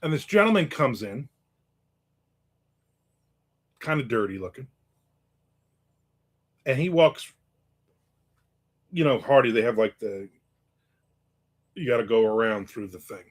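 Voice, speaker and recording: A man telling a story in a casual monologue, animated and acting out the people in it with raised voices. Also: mid-range voice, unhurried, long pauses.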